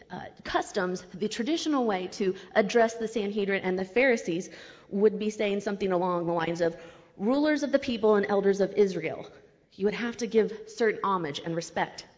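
A woman leads a Bible teaching in an easy, conversational way and drops casual slang as she explains. Her voice sits at a middle pitch. It rings with long reverb, and the recording sounds dull and lo-fi. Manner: casual and chatty, with slang asides.

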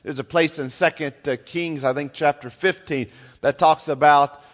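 A man's voice: a little high, steady tone, moderate pace, big-room sound, highs cut off. A man preaching a sermon, explaining scripture and leaning hard on repeated words for emphasis. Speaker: pastor.

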